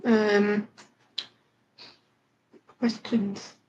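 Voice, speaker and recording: Slow, halting young-sounding woman. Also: mid-range voice, flat delivery, darkish tone, highs cut off, slight background noise. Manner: halting, full of fillers and restarts. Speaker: guest filling in on a livestream. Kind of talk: hesitant casual chat.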